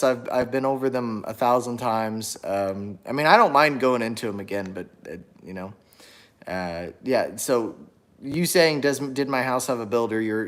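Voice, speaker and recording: A young man hosts a casual livestream and answers viewers' comments as they come in. He talks in a relaxed, rambling way, full of fillers, false starts and self-corrections. At times a small child cries somewhere in the home behind him. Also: medium pitch. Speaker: livestream host reading chat. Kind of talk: casual chat. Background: a small child crying at times.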